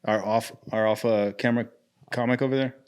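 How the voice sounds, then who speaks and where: A man's voice: mid-range voice, steady tone, a little fast, darkish tone, clear, resonant tone. A man hosting a podcast in casual chat, bantering loosely with profanity and jokes. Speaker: podcast host.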